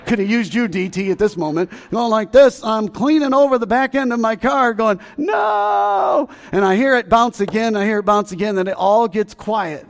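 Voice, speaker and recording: A middle-aged Southern pastor tells a story from the pulpit, his voice a shade higher than most men's. He acts out shouts and noises and chuckles at his own jokes. The sound carries the long echo of a church hall. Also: a little fast, hardly any pauses. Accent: Southern American. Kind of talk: storytelling sermon. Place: church sanctuary.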